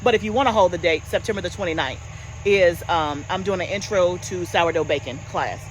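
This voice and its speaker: A woman's voice: on the low side, fairly quick, slight background noise, low-quality recording. Chatty woman host, talks to viewers as y'all. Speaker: homestead gardening channel host. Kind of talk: casual chat.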